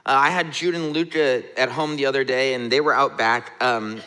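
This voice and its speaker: Pastor guy in his 30s preaching, bright forward voice, chatty with lots of "right?", church hall echo. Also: mid-range voice, fairly even intonation, normal speed, clean tone. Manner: conversational, relatable preaching with frequent "right?". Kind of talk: sermon. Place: church sanctuary.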